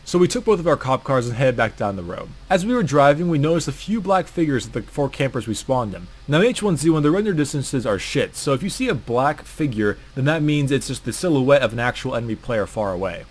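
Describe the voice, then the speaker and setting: A man's voice: medium pitch, big pitch swings, fast talker, hardly any pauses. A man narrating a comedic story about an online game, crude, profane and sarcastic.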